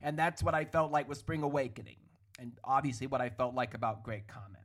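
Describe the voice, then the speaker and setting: A man hosting a solo podcast, ranting in an animated, opinionated way with a hoarse, worn-out voice. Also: mid-range voice, fairly quick. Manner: animated, opinionated, hedging with "allegedly". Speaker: podcast host. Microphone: studio podcast microphone.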